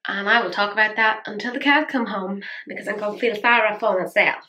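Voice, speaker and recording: A young woman reviewing makeup in a casual, rambling, self-mocking way, a little breathless and quick to gasp with excitement. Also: medium pitch. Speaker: beauty vlogger.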